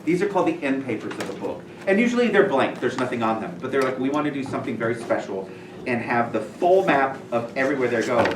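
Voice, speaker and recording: A man telling stories casually to a school audience as a visiting author, animated and self-deprecating with many fillers. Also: mid-range voice, fast. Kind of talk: casual storytelling talk to students. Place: school room. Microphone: far room mic. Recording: echoey room from far off, noisy.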